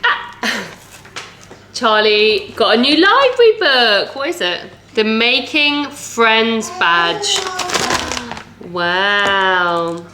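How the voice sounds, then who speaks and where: A woman's voice: fairly high pitch, very animated, slow, sharp tone. A woman in her thirties, a mum chatting casually with many "like"s and giggles while cooking family dinner at home. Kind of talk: casual cooking vlog chat. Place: home kitchen. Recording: echoey kitchen with background noise.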